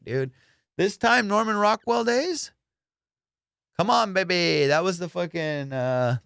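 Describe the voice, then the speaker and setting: A man's voice: a little high, clean tone, no echo, clean studio sound. A young adult man hosting a podcast, telling comedic stories in a casual, profane way and acting out both sides of conversations. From immigrant, raised abroad. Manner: profane, animated, acts out both sides of dialogues. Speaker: podcast host.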